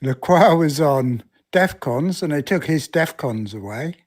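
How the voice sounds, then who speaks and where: A man co-hosting a casual podcast, talking in a relaxed, plain-spoken way. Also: a little high, unhurried. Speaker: podcast co-host.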